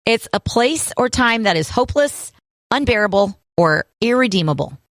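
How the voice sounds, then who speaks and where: A woman co-hosting a radio show, running through items in a brisk, list-reading way. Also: fairly high pitch, lively intonation, no room sound. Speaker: radio co-host. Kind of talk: morning radio show chat.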